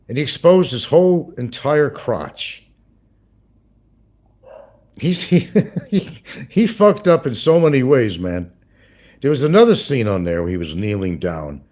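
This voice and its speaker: Husky-voiced man rambling through crude gossip. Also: medium pitch, very animated, unhurried, pauses often, darkish tone. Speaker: livestream host. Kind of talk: casual livestream commentary.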